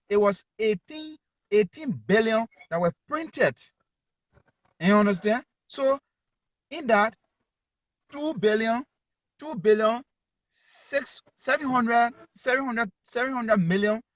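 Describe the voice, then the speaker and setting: A man's voice: high-pitched, fairly bright tone, no echo. A man with a Liberian accent, a journalist calling in who argues emphatically and repeats his key words. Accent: Liberian English. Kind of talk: call-in talk show.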